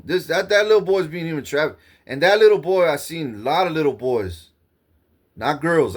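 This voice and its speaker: Agitated man ranting in a monologue. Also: medium pitch. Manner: agitated, profane, repeats himself, keeps saying "bro". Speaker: vlogger. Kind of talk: rambling monologue to camera.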